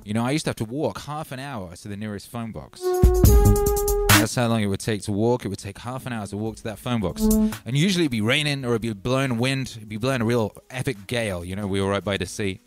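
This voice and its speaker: A man's voice: mid-range voice, animated, fast. A man from Wales, chatting casually as a livestream host in a loose, meandering way full of "you know" and "like.". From North Wales. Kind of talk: rambling casual livestream chat. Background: music.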